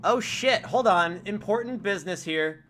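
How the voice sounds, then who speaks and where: A young man live-streaming a game from home, talking casually into a desk mic. His voice sits a bit high and sounds bright. He jokes freely, gets distracted easily, and types on a keyboard in the background. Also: moderate pace. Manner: chatty, joking, easily sidetracked.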